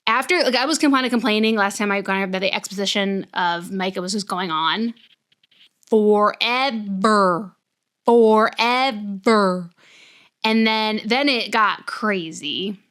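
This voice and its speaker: A woman's voice: mid-range voice, moderate pace, hardly any pauses, bright, forceful tone. A young woman vlogging about a novel she is reading, talking casually and rambling with lots of fillers and restarts. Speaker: book vlogger. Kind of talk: casual chat.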